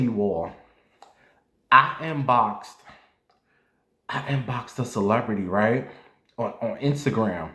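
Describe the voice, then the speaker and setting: A man's voice: medium pitch, fairly bright tone. A man chatting casually and crudely to his viewers, with sudden jumps up to playful squeals. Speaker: vlogger. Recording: roomy echo.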